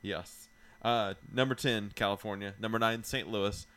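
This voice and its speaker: A man's voice: lowish voice, steady tone, moderate pace, bright, forceful tone, smooth. A man hosting a podcast in casual chat, rambling through a ranked list with frequent laughs and restarts. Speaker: podcast host.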